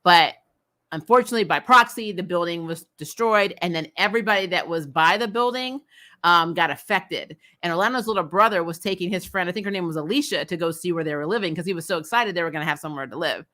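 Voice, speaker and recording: Woman, bright tense voice, chatty, opinionated, exasperated, casual recap. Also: lowish voice, fast. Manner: chatty, animated, frequent laughs and fillers. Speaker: host.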